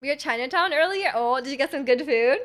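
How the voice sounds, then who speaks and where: Young woman, high voice, casual stream chat, rambling, answering chat. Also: animated, quick pace, a bit bright. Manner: chatty and rambling, answers chat questions, many restarts and "like"s. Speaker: livestreamer reading chat.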